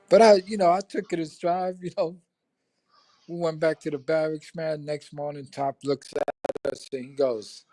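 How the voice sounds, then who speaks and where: A man's voice: fairly high pitch, fairly even intonation, normal speed, warm tone, dry recording. An older man swapping crude, laughing army stories in casual chat, acting out the voices of people in them. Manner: profane, laughing, acts out voices in anecdotes. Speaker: veteran telling stories on a live stream. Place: home.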